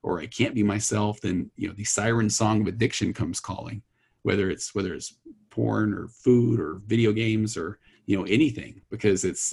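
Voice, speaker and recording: A man with a low, husky voice speaks as a podcast guest. He tells a story earnestly and rambles, often restarting his sentences. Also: a little mellow. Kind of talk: casual conversation.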